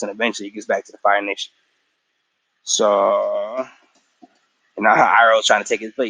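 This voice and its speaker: A man's voice: lowish voice, fairly even intonation, brisk, long pauses, a bit bright, no echo, low-quality recording. A tired man in a casual episode recap after a work shift, slangy and profane, acting out the characters' lines as he retells the story. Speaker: show recap vlogger.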